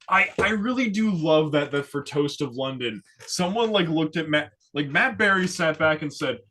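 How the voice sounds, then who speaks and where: A man co-hosting a casual comedy chat, lively, explaining with many fillers. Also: a little high, normal speed, hardly any pauses. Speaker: podcast co-host.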